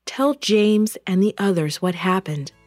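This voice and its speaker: A weary apostle, just freed, read by a woman in her own voice, speaks softly and earnestly. He talks slowly and with feeling in a dry, close storybook recording. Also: mid-range voice, no echo, soft background music, lightly acted.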